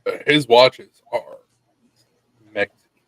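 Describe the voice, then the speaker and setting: A man's voice: mid-range voice, slow, fairly bright tone, dry recording, rough recording. Laid-back swearing man, dry close sound. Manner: laid-back storyteller, swears, laughs often. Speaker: podcast co-host. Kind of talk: casual chat.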